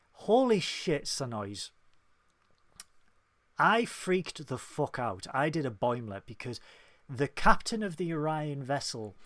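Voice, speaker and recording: Excitable fanboyish man, fairly high voice. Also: dry recording. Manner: excitable, fanboyish, laughs often. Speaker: podcast co-host reviewing a TV episode. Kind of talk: casual chat.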